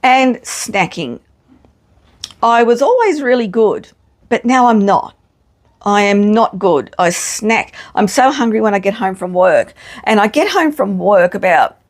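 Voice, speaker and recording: A middle-aged woman, chatting casually to camera in a frank, self-mocking way and swearing freely. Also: medium pitch. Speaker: vlogger. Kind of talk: casual chat.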